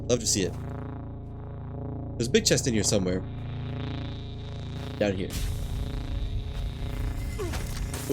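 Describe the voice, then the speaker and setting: Low-voiced man muttering through gameplay. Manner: muttering to himself, laid-back. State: hiccups. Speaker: streamer. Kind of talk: casual gameplay commentary. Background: game ambience and engine noise.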